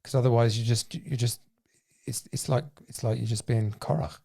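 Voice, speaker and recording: A man's voice: medium pitch, fairly even intonation, moderate pace, vocal fry, dark tone. A man hosting a podcast in a studio, chatting casually and thinking aloud in loose, rambling sentences. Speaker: podcast host. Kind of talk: casual chat.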